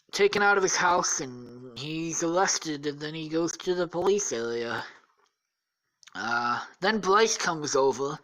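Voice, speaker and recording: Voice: medium pitch, a bit bright, rough recording. A worn-out podcast host tells a made-up story off the cuff. The delivery rambles, trips over itself and is full of "um"s, "like"s and casual profanity. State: tired.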